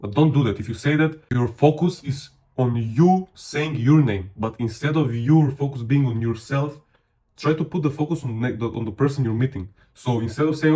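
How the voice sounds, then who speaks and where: A young man whose first language is not English gives casual motivational advice in a mid-pitched voice. He is blunt and slangy, leans on "you know" and laughs now and then. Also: moderate pace, warm tone. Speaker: self-improvement speaker.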